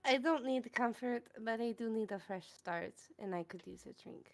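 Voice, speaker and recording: A woman playing a tabletop role-playing game, playful and dramatic, moving between her character's voice and casual table talk. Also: fairly high pitch. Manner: playful and dramatic, quick to laugh. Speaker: player.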